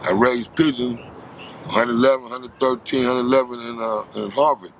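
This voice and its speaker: Gravelly-voiced man telling street stories. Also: mid-range voice, fairly even intonation, normal speed, a little hiss or hum. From Los Angeles. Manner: street slang, acts out quoted voices. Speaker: interviewee. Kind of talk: storytelling interview.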